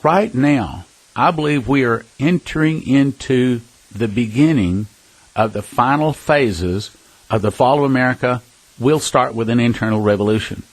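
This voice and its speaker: Husky-voiced earnest preaching man. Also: mid-range voice, moderate pace, no room sound, poor audio. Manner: earnest, emphatic, with scattered restarts and chuckles; addresses listeners as brothers and sisters. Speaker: prophecy ministry speaker. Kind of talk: preaching talk with personal storytelling.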